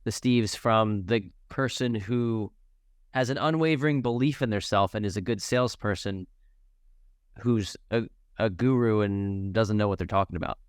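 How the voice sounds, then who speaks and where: A podcast host with a low, smooth, resonant voice who keeps the interview easygoing and asks long, winding questions. The sound is dry and close, with no room around it. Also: male voice, moderate pace, no echo. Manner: easygoing, laughs readily, asks rambling questions. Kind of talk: casual interview chat.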